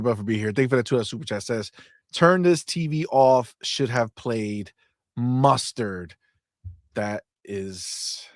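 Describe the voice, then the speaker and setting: A man's voice: mid-range voice, no room sound, clean studio sound. A male livestream host on a podcast, ranting in a profane, exasperated way. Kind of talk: livestream chat.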